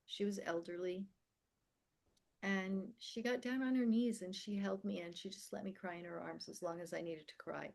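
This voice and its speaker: A woman's voice: medium pitch, fairly even intonation, normal speed, creaky, darkish tone. A woman in her sixties, from America and the Philippines, telling a personal story as a podcast guest in a vivid, emphatic way. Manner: vivid, emphatic storyteller who acts out quoted dialogue.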